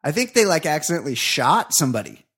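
A man's voice: fairly high pitch, sing-song, fast, a bit bright, breathy edge. A man co-hosting a comedy podcast in casual banter, swearing often and sounding emphatic and indignant. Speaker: podcast co-host.

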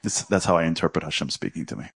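A middle-aged man telling a story in a lively, conversational way with humorous asides. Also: rumbling low, rapid-fire, vocal fry, breathy edge. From Brooklyn, New York. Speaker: inspirational speaker. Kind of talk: storytelling talk.

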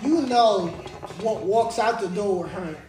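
A woman hosting a casual podcast chat, asking questions and trailing into soft asides. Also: medium pitch, expressive, measured pace, reverberant, noisy background.

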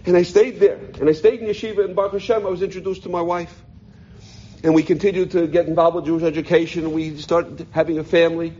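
A middle-aged man with a fairly high voice tells a heartfelt personal story to a gathering. He stumbles and repeats words as he searches for them. The recording sounds muffled and lo-fi. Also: flat delivery, fast, dark tone, a little hiss or hum. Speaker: speaker telling his life story.

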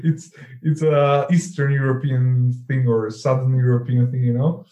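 A man's voice: mid-range voice, moderate pace. A man from Slovakia with a Slovak accent, chatting casually as a podcast co-host, acting out quoted replies and using lots of fillers. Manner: animated, acts out quoted replies, many fillers. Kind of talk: casual chat. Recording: roomy echo.

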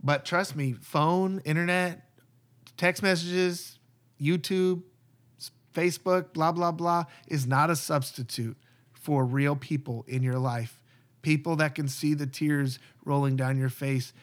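A man's voice: a little high, steady tone, measured pace. A man, a pastor, talking earnestly and conversationally about church community. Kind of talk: casual podcast talk.

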